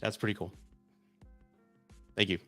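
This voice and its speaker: A man in his forties hosting a casual live stream, chatting excitedly and getting emotional when viewers send gifts. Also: lowish voice, unhurried, no room sound, faint music behind. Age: 40s.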